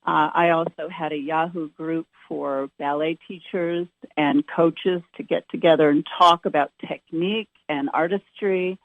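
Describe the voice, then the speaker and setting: A woman's voice: low voice, fairly even intonation, measured pace, hardly any pauses, dry recording. Female New York guest, eager and agreeable, dry tinny phone-line audio. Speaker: guest, ballet teacher. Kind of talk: radio interview guest. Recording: dry, phone-like narrow band.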